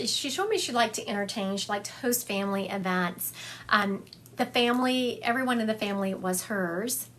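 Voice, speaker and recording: A woman's voice: mid-range voice, a bit bright, a little hiss or hum. Chatty woman doing a psychic livestream. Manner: chatty and affectionate, calls listeners honey, laughs often. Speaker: psychic medium. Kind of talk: livestream reading for viewers. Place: at home. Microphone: phone livestream.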